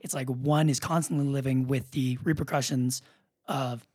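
Husky-voiced man, casual podcast co-host. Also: medium pitch, steady tone, normal speed, dark tone. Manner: musing, thinks aloud with restarts. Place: room recording a podcast.

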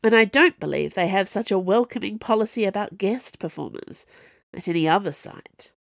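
A woman voicing a calm, knowing retired woman assassin in an audiobook, speaking gently. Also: medium pitch, moderate pace, creaky, no echo, studio quality.

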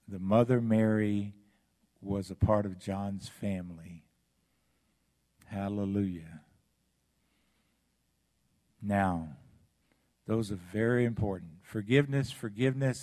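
A man preaching a sermon as pastor, with dramatic swings between loud passages and hushed ones. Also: on the low side, fairly even intonation, slow pace, long pauses.

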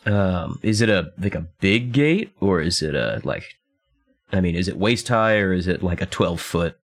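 Deep-voiced tabletop player man. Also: very animated, normal speed. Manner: easygoing, hesitant, many fillers. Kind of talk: casual tabletop play.

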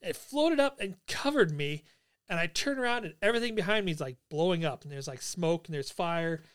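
A man in his forties, a podcast host and army veteran, telling a story casually among old friends, animated and swearing freely. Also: high-pitched, brisk, smooth.

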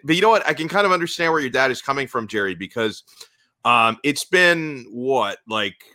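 A man in a casual chat who reasons things through in a measured, explaining way. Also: mid-range voice, bright, forceful tone, no echo.

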